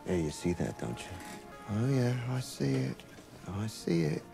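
Brief: a sardonic guy with a split self, gravelly tone, music swelling behind. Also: fairly low pitch, very animated, measured pace, exaggerated voice. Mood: cocky. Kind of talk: TV series drama.

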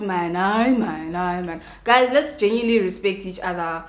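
A woman's voice: mid-range voice, normal speed. A young South African woman with a Xhosa accent, ranting casually to her viewers while doing her makeup, mixing English with Xhosa and often asking if they understand. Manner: animated, switching between English and Xhosa, asks "you understand?". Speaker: beauty vlogger. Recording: echoey room.

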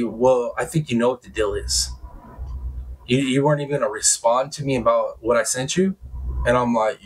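A young man hosting his own channel, telling a personal story in a casual, profane, animated way that turns loud and high when heated. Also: moderate pace, slightly rough, rough recording. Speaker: true crime channel host.

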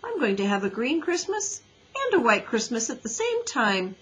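A woman voicing an excited, curious young boy in a breathy, exclamatory voice. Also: on the high side, moderate pace, voice pushed up, exaggerated voice. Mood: eager. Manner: bright and exclamatory.

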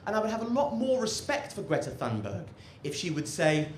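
A man's voice: high voice, big pitch swings, brisk, a little hiss or hum. A man doing a stand-up set on an outdoor rooftop, with a dry, ironic delivery full of fillers and halts. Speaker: stand-up comedian. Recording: echoey rooftop with loud crowd laughter.

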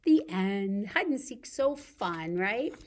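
A woman's voice: mid-range voice, animated, slow. A woman leading a baby storytime as a children's librarian, reading picture books and rhymes in a playful sing-song way with gasps and sound effects.

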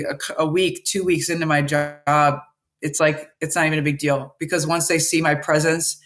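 A woman speaking as a podcast guest, telling a candid story in an animated way. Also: sits low. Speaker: podcast guest, baseball coach. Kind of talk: interview storytelling.

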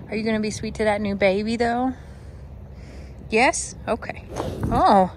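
A woman's voice: on the high side, fairly even intonation, normal speed, long pauses. Chatty woman in a pasture. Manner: chatty, affectionate, musing aloud. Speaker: ranch vlogger. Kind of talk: casual vlog talk to animals and viewers. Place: outdoors in a cattle pasture. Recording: outdoor noise, vehicle hum.

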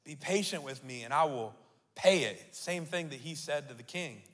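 A male pastor preaching a sermon, reading scripture aloud and building to loud declarations. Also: on the high side, animated, normal speed. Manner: reads scripture aloud and asks the crowd to repeat. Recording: long hall reverb.

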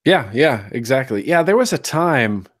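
A man's voice: medium pitch, big pitch swings, moderate pace, dry recording, studio quality. A man talking as a guest in a casual interview, enthusiastic and repeating phrases for emphasis. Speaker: guest, atomizer designer.

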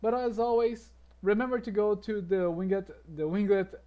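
A man's voice: sits high, normal speed, lo-fi sound. A man from Brazil with a Brazilian Portuguese accent, hosting a casual reaction video, chuckling and often restarting his sentences.

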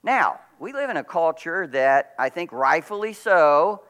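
A middle-aged man preaching a sermon as pastor, telling stories with lively swings from quiet to loud. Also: moderate pace, hardly any pauses, clear, resonant tone. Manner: animated storytelling, big swings in pitch and volume.

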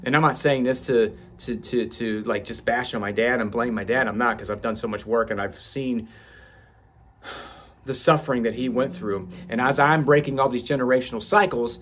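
A man's voice: mid-range voice, normal speed, a bit bright, a little hiss or hum. A man speaking candidly and with profanity as a podcast host, telling a personal story with frequent restarts.

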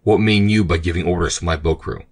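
A man's voice: deep voice, quick pace, slightly rough. A man voicing a grim, fierce male ship captain in an audiobook, angry and defiant.

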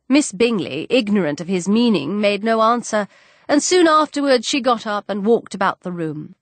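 A woman narrating an audiobook in an animated storytelling manner, giving each figure a voice of its own. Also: mid-range voice, no echo.

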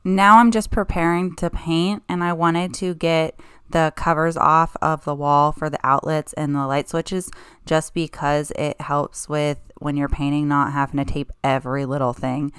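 A woman's voice: sits low, level tone, unhurried, fairly bright tone, smooth, no room sound, studio quality. A woman home-makeover vlogger narrating her project in a chatty, friendly voice-over, with casual fillers.

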